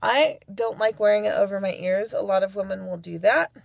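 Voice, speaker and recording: Chatty woman with a gravelly edge. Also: medium pitch, a little fast, no echo. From California. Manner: chatty, homey, playful asides. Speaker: vlogger demonstrating head covering. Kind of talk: casual how-to tutorial.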